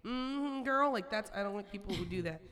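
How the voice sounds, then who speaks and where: A woman's voice: mid-range voice, fairly even intonation, quick pace, a bit bright. A woman co-hosting a podcast in a candid, chatty way, swearing freely. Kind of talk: casual chat.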